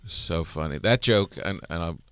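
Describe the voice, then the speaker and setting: Deep-voiced man co-host. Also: moderate pace, dry recording. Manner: relaxed, short interjections. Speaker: podcast co-host. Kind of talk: casual podcast chat.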